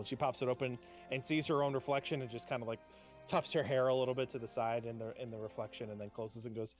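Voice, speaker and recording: Give me a man running a tabletop game, chatty and rambling with a middling pitch, narrating scenes loosely and full of fillers. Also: steady tone, quick pace, a little mellow, faint music behind. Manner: casual, rambling, many likes and ums. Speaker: game master.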